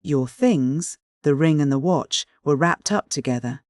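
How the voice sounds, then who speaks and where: A man voicing a middle-aged male investigator who speaks calmly, coldly and with faint irony. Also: fairly high pitch, measured pace, no room sound, clean studio sound, natural voice. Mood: cool. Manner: calm, cold, faintly ironic.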